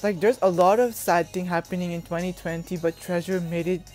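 A woman's voice: on the low side, fairly even intonation, a little fast, darkish tone. Gushing young woman reacting to a music video. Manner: gushing, emotional, exclaims often.

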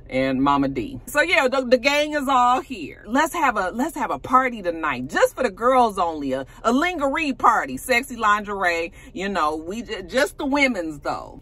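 Sassy lady doing a casual tv recap, bright voice, lots of "you know" asides. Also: medium pitch. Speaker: reality TV recap vlogger.

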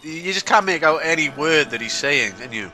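A man's voice: on the high side, expressive, normal speed, bright, forceful tone. A man with a Welsh accent chatting and joking while playing a co-op game. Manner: jokey, laughing banter. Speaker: co-op player. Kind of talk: casual gaming chat.

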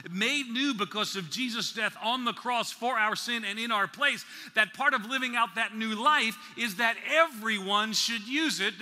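A man from the New York City area preaching at a conference, slowing down to stress key words and dropping in playful asides. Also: sits high, sharp tone. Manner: slow deliberate emphasis, playful asides. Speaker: conference speaker. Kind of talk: sermon. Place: large conference hall. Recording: reverberant hall.

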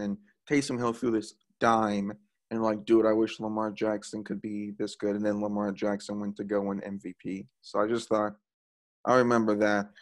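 A young man co-hosting a casual sports podcast, enthusiastic and quick to laugh. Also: on the low side. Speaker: podcast co-host.

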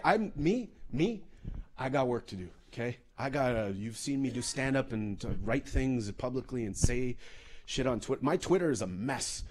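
A man from Canada, a comedian giving a comedic storytelling talk in a loose, profane, animated way. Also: mid-range voice. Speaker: comedian and speaker.

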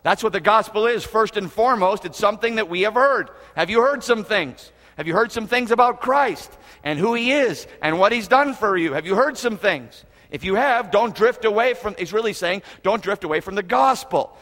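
A man's voice: sits high, animated, normal speed, fairly bright tone. A man preaching a sermon as pastor, earnest and emphatic, repeating phrases for emphasis. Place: church auditorium. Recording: reverberant hall.

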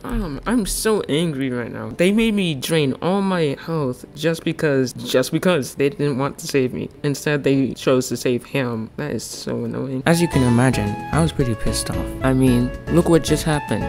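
A man giving casual gameplay commentary and voice-over, prone to sudden excited outbursts. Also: medium pitch. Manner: excitable, quick outbursts of exclamation. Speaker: gaming channel host. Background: background music.

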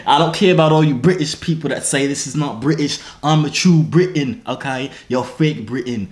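A man's voice: mid-range voice, fairly quick. Man, casual vlogger, slangy, keeps saying "you feel me", roomy echo. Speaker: YouTuber host. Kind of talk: casual vlog talk to camera. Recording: roomy echoey room.

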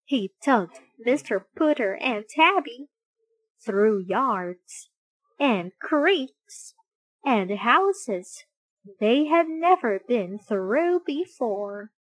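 A woman reads a children's picture book aloud at a very slow, deliberate pace. Her voice rises and falls expressively and sits a little high. The recording is dry and close. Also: big pitch swings, dry recording, poor audio. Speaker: storybook reader.

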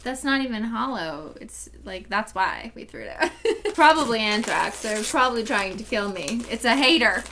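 A woman's voice: fairly high pitch, expressive, normal speed, sharp tone, a little hiss or hum. A young adult woman hosting a channel, chatting playfully and giggling as she opens fan mail. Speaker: channel host. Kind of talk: casual chat opening fan mail.

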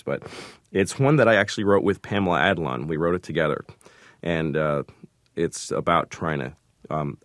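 A man, a comedian, answering interview questions with halting, self-deprecating stories and acted-out quotes. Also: low-pitched, no room sound, studio quality. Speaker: comedian and sitcom creator. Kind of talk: interview storytelling.

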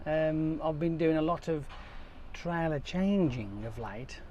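A man's voice: fairly high pitch, lively intonation, slow pace, lo-fi sound. A man driving a lorry, giving a jokey, chatty running commentary and swearing freely. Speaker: lorry driver vlogger. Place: lorry cab. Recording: loud engine and road noise.

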